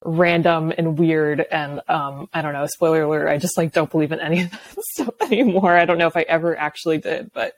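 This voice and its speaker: A young woman with a notably low-pitched voice chats casually as a podcast guest. She laughs often and fills her sentences with loose fillers. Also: brisk, hardly any pauses, dry recording. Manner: chatty, laughs often, many filler likes. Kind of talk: casual chat.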